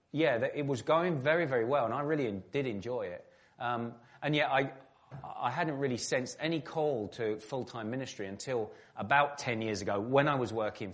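Low-voiced middle-aged english guy, chatty interview answers, self-deprecating, lots of restarts. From England. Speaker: guest, former footballer turned pastor. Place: evening event hall.

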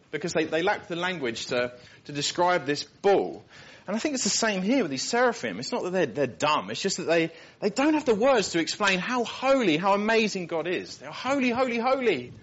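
A man's voice: on the high side, fairly bright tone. A man preaching a sermon, earnest and emphatic, often repeating words as he builds a point. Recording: dull lo-fi recording.

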